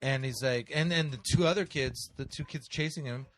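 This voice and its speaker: In casual chat, a male podcast co-host rambles through a story, swearing and filling it with fillers. His mid-range voice moves at a brisk clip.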